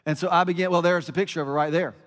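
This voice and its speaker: A man's voice: fairly high pitch, fairly even intonation, rapid-fire, fairly bright tone, long reverb tail. A middle-aged man, a pastor, giving a conversational sermon with self-deprecating stories and lots of fillers.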